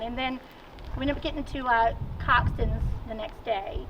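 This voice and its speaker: Virginia lady talking racing outside, kinda high voice, far off dull mic, faint noise. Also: a little fast. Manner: chatty, animated storytelling. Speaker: guest, amateur racer. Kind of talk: casual interview chat. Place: outdoors at a car show.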